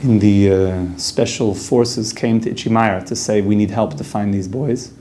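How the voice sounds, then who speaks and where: A man's voice: fairly low pitch, steady tone, measured pace, mellow, a little hiss or hum. A man giving a casual, conversational Torah class, dropping Hebrew and Yiddish terms into plain talk. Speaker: yeshiva teacher.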